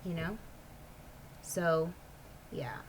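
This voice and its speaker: A woman's voice: lowish voice, little pitch movement, very slow, slight background noise, rough recording. A woman vlogger in casual personal chat, rambling and filling her talk with "like". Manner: rambling, heavy use of "like".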